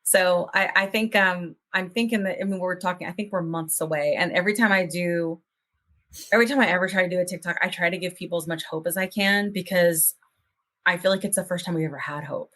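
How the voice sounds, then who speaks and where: Woman, podcast host, lowish voice, earnest, hopeful, rambling casual chat. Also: brisk, a bit bright. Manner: earnest, hopeful, talks in run-on thoughts.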